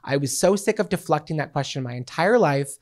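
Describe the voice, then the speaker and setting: A man in his twenties co-hosting a casual podcast, a theatrical, animated storyteller with cheeky, playful humor. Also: fairly high pitch, fairly quick. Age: 20s. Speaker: podcast co-host.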